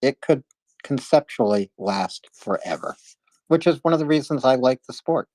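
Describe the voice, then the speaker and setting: A man in a casual live audio chat, explaining things in a measured, patient way. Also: a little high, steady tone, a little mellow, dry recording.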